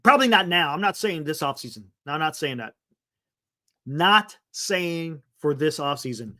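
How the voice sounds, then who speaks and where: A man's voice: fairly high pitch, lively intonation, normal speed, bright, forceful tone. A man hosting a live sports stream, chatting loosely, reading viewer comments and laughing often.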